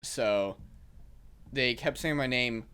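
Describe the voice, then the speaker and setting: A man's voice: medium pitch, takes it slowly, sharp tone, clean tone. Laughing young man telling stories. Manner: rambling storyteller, laughs often. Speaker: podcast host. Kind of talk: casual podcast chat.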